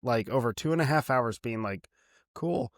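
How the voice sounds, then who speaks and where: A man co-hosting a film podcast in casual chat, animated and laughing often, talking in long run-on thoughts. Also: medium pitch, a little fast, dry recording, clean studio sound. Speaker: podcast co-host.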